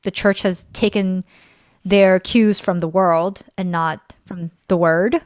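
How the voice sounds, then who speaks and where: A woman's voice: on the low side, steady tone, slow pace, dry recording, clean studio sound. A woman in her thirties, a ministry director, talking thoughtfully and teasingly in a casual conversation. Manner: thoughtful, then laughing and teasing.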